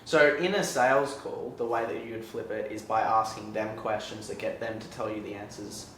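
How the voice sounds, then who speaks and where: A man hosting a podcast in casual chat, relaxed, setting up scenarios with plenty of fillers. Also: on the low side, normal speed, a little hiss or hum. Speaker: podcast host. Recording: roomy echo, distant mic.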